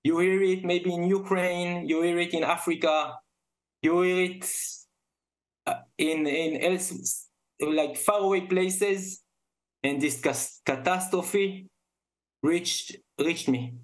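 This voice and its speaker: A man in his forties with an Israeli accent, guest in an interview, tearful and halting, repeating words as he speaks with deep emotion. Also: steady tone. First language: Hebrew.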